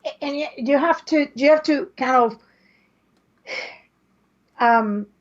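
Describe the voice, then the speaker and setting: Woman podcast co-host, high voice, slow, halting delivery, muffled lo-fi sound. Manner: hesitant, restarts often while arguing a point. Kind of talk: casual chat. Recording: dull lo-fi podcast audio.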